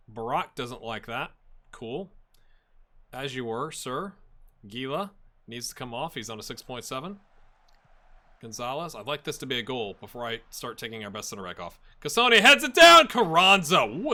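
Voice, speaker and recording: During a let's-play of a football management game, a man with a mid-range voice gets excited and carries on conversations with his virtual players.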